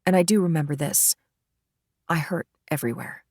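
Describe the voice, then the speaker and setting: Woman narrator as a shaken female witness, halting, low voice, dry close read. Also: darkish tone, no room sound. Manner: halting, hesitant testimony.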